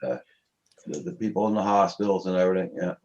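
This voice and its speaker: A man in his sixties hosting a casual video chat, talking plainly with pauses and fillers. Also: low-pitched, steady tone, a crowd in the background. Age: 60s. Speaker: channel host. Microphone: video call. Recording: muffled lo-fi audio.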